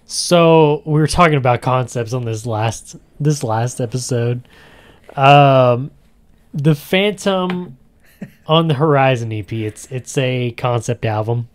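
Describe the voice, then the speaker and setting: A man's voice: mid-range voice, takes it slowly. A man hosting a podcast in a casual chat, talking in a chatty, rambling way and often laughing. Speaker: podcast host.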